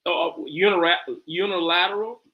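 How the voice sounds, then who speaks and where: Male panelist, slightly high pitch, hesitant and questioning. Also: steady tone, normal speed, lo-fi sound. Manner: hesitant, questioning, laughs easily. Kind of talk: casual discussion.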